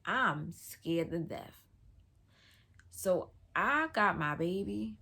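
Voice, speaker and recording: A woman's voice: on the low side, lively intonation, very slow, pushed and bright. A woman vlogger telling a personal story in a casual storytime, slangy and loose, full of "like" fillers.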